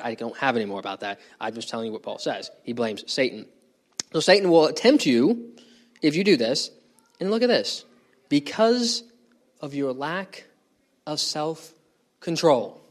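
Guy teaching bible study, slightly high voice, chatty, keeps asking the class questions. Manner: conversational, asks the group questions.

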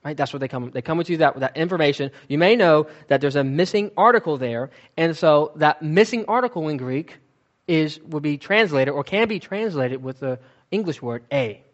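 Male Bible teacher, slightly high voice, emphatic and chatty, dull lo-fi recording. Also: animated, moderate pace. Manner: emphatic, conversational explaining.

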